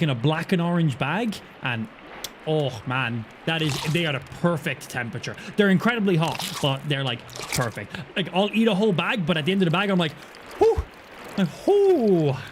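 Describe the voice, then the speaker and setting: A man's voice: a little high, expressive, a little fast, noisy background. An Irish man chatting casually and cursing freely while he streams gameplay and jokes around. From Ireland. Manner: chatty, profane, joking.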